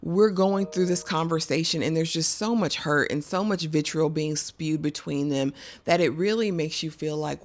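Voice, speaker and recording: A woman's voice: low voice, normal speed. A middle-aged woman, chatting emphatically through a casual TV episode recap. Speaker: vlogger.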